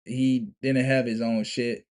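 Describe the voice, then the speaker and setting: A man's voice: mid-range voice, little pitch movement, takes it slowly, darkish tone. A young man telling a story to camera in a casual, profane, emphatic way, restarting and repeating himself often. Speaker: vlogger.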